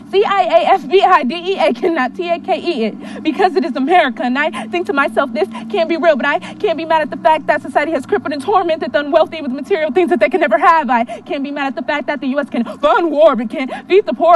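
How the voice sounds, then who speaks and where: A woman delivers a spoken word poem with rhythmic, impassioned repetition. Her voice sits high and carries from a distance off the mic. A faint hum runs under the recording. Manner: rhythmic, impassioned, repeating refrains.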